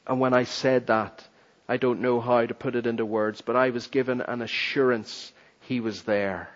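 A man voicing a frail, dying old barber who speaks in a weak, trembling, hushed voice, on a dull lo-fi recording. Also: mid-range voice, fairly even intonation, normal speed, voice pushed down, close to an everyday voice. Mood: trembling, tearful.

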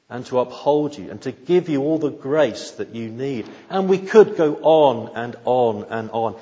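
Preacher in a reverberant hall. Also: male voice, medium pitch, darkish tone. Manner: emphatic, repeats key phrases, rhetorical questions. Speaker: pastor. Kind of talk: sermon. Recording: dull sound with long reverb in a hall.

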